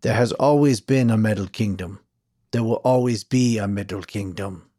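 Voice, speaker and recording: A man voicing a proud, dignified laundryman who speaks in clipped, halting broken English. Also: on the low side, mellow, dry recording, clean studio sound, close to an everyday voice.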